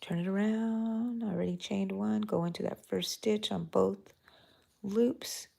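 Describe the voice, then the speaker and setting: A middle-aged woman hosting a live crochet tutorial, talking softly and mellowly, sometimes drifting into a whisper as she works. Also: mid-range voice, steady tone, a little slow, creaky. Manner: soft, mellow, drifting into whispers while counting stitches. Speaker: crochet channel host.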